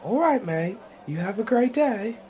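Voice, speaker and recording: Brief: man playing a chatty, boisterous adventurer, high and lively, says mate a lot. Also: unhurried, a faint crowd, slight background noise. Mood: jovial. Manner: boisterous, keeps calling people mate. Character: cheerful chatty male tavern adventurer. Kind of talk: in-character tabletop role-play.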